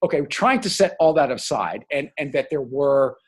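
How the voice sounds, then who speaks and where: Husky, animated older man chatting. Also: mid-range voice, moderate pace. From New Jersey. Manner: animated, digressive, tags remarks with "okay?". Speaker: podcast co-host. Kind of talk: casual chat.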